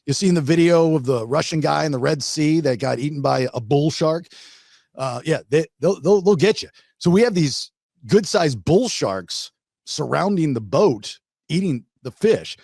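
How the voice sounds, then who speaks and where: A middle-aged man hosting a podcast, telling a fishing story in a casual, animated way with many restarts. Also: on the high side, moderate pace, vocal fry, dry recording. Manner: animated, restarts a lot, acts out shark growls. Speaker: podcast host.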